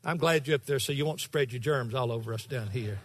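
A man preaching as pastor, emphatic and rising to shouts, teasing his congregation now and then, in a large church with a balcony. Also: medium pitch, fairly quick, long reverb tail. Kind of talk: sermon.

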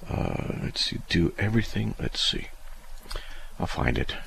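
A man's voice: deep voice, big pitch swings, measured pace, creaky, a bit bright, slight background noise. A man teaching faith through personal stories on a live stream, rambling a little and looking up verses aloud. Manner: rambling storyteller, restarts, looks up verses aloud.

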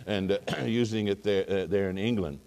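A man with a fairly low, slightly mellow voice preaches at normal speed, spinning a folksy, rambling sermon anecdote packed with fillers and restarts. A long hall reverb fills the recording.

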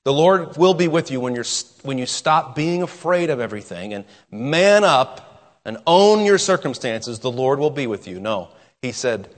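Male preacher, earnest, drops to soft pauses for emphasis; long hall reverb. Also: medium pitch, lively intonation. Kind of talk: sermon.

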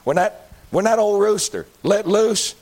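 A middle-aged Baptist preacher, preaching a folksy sermon that climbs into shouted emphasis. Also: male voice, high-pitched, expressive, unhurried.

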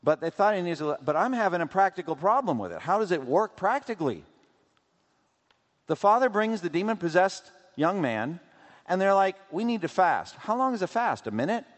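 A man preaching a sermon as pastor, asking rhetorical questions and acting out quotes in an animated way. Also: high-pitched, a little fast. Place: church sanctuary. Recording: long hall reverb.

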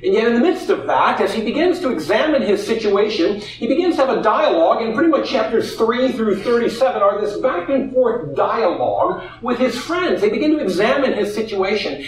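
A man preaching a sermon, expressive, acting out the voices in the story he tells. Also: high voice, moderate pace, few pauses. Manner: expressive, acts out quoted voices. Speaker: pastor. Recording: echoey room, heard from a distance.

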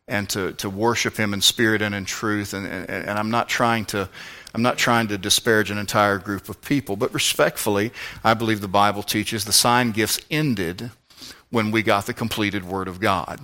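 A man preaching a sermon as pastor, fervent, swinging between shouts and hushed tones. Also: on the low side.

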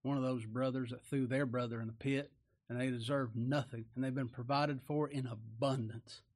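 Folksy preacher with tag questions. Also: male voice, medium pitch, fairly even intonation, normal speed, a little mellow. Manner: folksy, rhetorical tag questions, chuckles often. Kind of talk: sermon.

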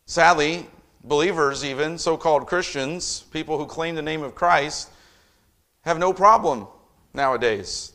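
A middle-aged man preaching a sermon as a pastor, emphatic, with loudness that rises and falls. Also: fairly high pitch.

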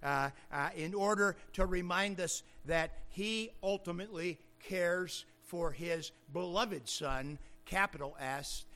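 High, bright-voiced preacher who builds to shouts. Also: male voice, takes it slowly, hardly any pauses. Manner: builds from quiet explanation to loud, emphatic shouting; playful wordplay with alliteration. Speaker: pastor. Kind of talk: sermon.

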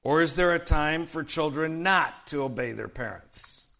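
Emphatic male preacher with a bright voice. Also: fairly high pitch, gravelly. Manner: emphatic preaching, calls out "Amen?" to the congregation; slows right down to stress key phrases. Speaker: pastor. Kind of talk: sermon.

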